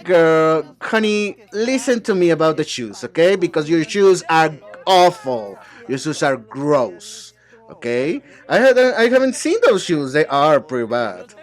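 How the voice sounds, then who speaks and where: Working alone as translator, this man voices an English dub of a reality show, hopping among several bickering, sassy speakers. His pitch is fairly high, his delivery animated and measured.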